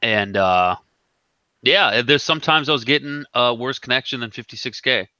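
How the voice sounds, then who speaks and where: A man's voice: mid-range voice, normal speed, bright, forceful tone, clean tone, no room sound. A man hosting a casual chat, telling a rambling, profane story. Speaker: podcast host. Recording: dull lo-fi sound.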